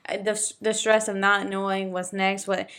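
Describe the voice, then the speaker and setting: A woman's voice: medium pitch, flat delivery, moderate pace, a bit bright. A young woman in casual chat, speaking candidly, swearing freely and laughing often.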